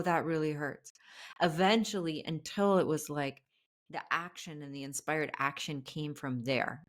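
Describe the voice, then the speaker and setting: A woman speaking as a podcast guest and spiritual coach, earnest and reflective as she talks openly about feelings. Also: low-pitched. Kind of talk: casual interview conversation.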